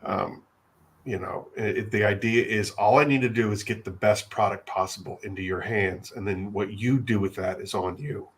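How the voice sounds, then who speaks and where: Halting, emotional man hosting a livestream. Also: fairly low pitch. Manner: halting, repeats words when moved. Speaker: livestream host.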